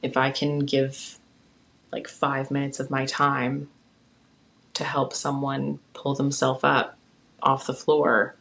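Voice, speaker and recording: A young adult hosts a solo podcast from home and speaks earnestly, offering encouragement and support. The voice has a gravelly, creaky texture. The delivery stays low-key and flat in pitch, and it is recorded on a phone. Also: takes it slowly, rough recording. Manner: earnest, encouraging, heartfelt pep talk. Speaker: podcast host. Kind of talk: casual solo podcast talk.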